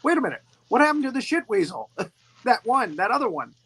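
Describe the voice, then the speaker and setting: Bright, lively-voiced man chatting about a movie. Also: very high-pitched, fairly quick, slightly rough, low-quality recording. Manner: rambling, laughs often, repeats words. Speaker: host. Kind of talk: casual movie discussion.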